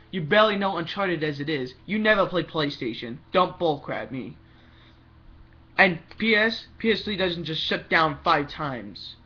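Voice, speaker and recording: Bright-voiced young man rambling about consoles. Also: a little high, dull audio. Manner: rambling, restarts often, talks fast in bursts. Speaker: gaming vlogger. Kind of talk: rambling opinion vlog.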